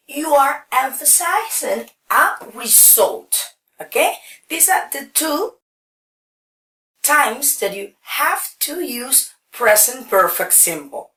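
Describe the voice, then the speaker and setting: This woman teaches English grammar in a high-pitched, very animated voice with a bright, forceful tone. Her pace is slow, she breaks things down step by step, and "okay" comes up again and again as she checks in. The mic is distant, leaving a roomy echo.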